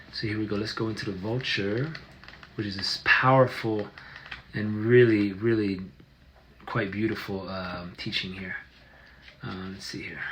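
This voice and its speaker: A man teaching casually on a livestream, easygoing and affectionate, with soft phrase endings and hesitant restarts. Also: on the low side, slight background noise, poor audio. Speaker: qigong teacher.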